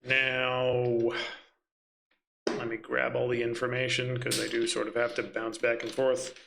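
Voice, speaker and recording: A man's voice: medium pitch, completely flat delivery, measured pace, gravelly, a bit bright. A man running a tabletop game, muttering and swearing to himself as he hunts for his notes. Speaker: game master.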